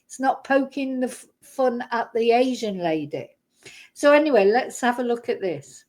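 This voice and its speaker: A woman with a fairly high voice talks her viewers through clips in a loose, chatty way. She is blunt and indignant, trips over her words and restarts often. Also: animated, moderate pace, a little mellow. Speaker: commentary vlogger. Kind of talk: casual reaction commentary.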